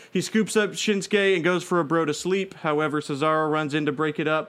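A man's voice: fairly high pitch, fairly bright tone, clean tone. A man narrating a made-up wrestling show play by play, rambling with fillers and restarts. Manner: rambling, frequent fillers and restarts, breaks into laughter.

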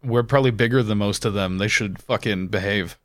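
A man's voice: on the low side, fairly quick, dry recording, studio quality. A man with an Essex English accent in casual podcast chat, talking in a sardonic, sweary way. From Essex, England.

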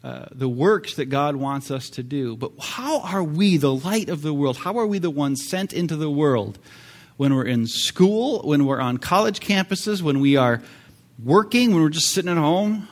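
A pastor with a slightly high voice gives a sermon, chatting with the congregation through fillers and sudden emphatic swells.

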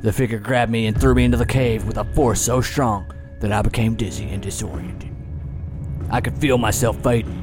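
A man voicing a frontier-town mayor in a put-on accent, telling a long grim tale in drawn-out monologues. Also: lowish voice, close to an everyday voice. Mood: grave. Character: male small-town mayor, shaken gunslinger-era storyteller. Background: music.

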